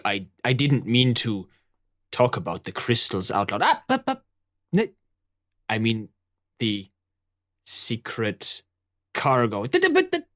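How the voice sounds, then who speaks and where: A man's voice: on the low side, fairly bright tone, exaggerated voice. A man voicing a nervous young male pirate who stammers and keeps backpedalling.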